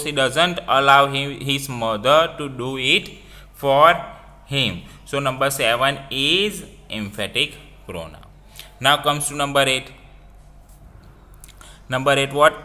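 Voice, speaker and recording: A man teaching a grammar lesson, explaining slowly and repeating each example with phrasing. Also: medium pitch, pushed and bright. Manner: slow, repetitive explaining with non-native phrasing.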